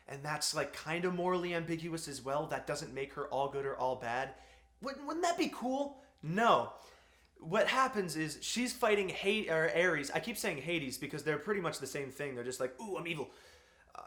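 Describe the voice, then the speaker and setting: Male film reviewer, slightly high voice, ranting and swearing in an echoey room. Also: a bit bright. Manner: exasperated, profane ranting. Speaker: movie reviewer.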